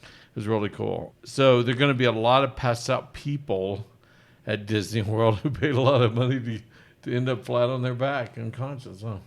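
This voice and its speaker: Middle-aged doctor guy on a live stream, gravelly, jokey and rambling. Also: medium pitch, moderate pace. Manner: joking, rambling, self-deprecating. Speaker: physician hosting a live Q&A. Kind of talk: casual live-stream chat.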